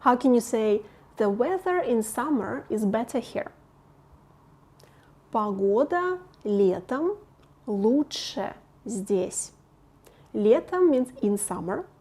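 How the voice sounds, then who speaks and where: A woman gives an online language lesson, patient and clear. Her voice sits a little high, and she speaks slowly and deliberately, repeating each word for practice. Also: lively intonation, dark tone. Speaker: Russian language teacher.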